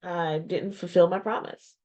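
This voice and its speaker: Slow, heartfelt woman talking to camera. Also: on the low side, fairly even intonation, darkish tone. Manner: reflective and heartfelt, with pauses and repeated phrases. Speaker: small business owner and vlogger. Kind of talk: candid personal vlog talk. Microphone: webcam or video-call mic.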